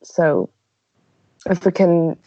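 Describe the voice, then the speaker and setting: A woman's voice: fairly low pitch, steady tone, very slow, mellow, dry recording, muffled recording. A woman playing a tabletop role-playing game, earnestly reasoning aloud. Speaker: player. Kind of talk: in-character tabletop play.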